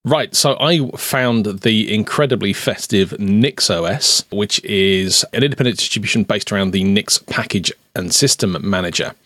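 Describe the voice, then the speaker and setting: A man with a fairly low voice co-hosting a chat podcast. He speaks politely and at an even pace, with a dry, close sound. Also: normal speed, few pauses, dry recording. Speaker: podcast co-host. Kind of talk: casual chat.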